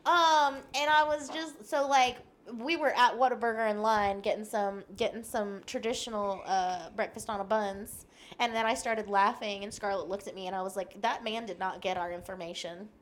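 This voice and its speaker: A young woman with a voice on the high side speaks at a moderate pace as a podcast guest. She tells a story in a casual, animated way, laughing often and acting out what the people in it said.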